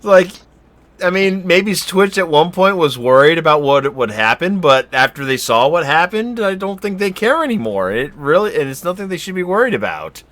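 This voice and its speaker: A man hosting a casual podcast, with relaxed asides to listeners and a ready laugh. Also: a little high, normal speed. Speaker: show host. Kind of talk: casual chat.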